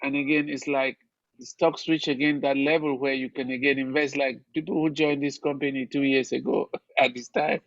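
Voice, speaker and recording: Man making an urgent pitch, lo-fi. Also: level tone, normal speed, no echo. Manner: urgent, pushes the listener to act, repeats words for emphasis. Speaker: co-presenter. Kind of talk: persuasive informal presentation. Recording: dull dry lo-fi sound.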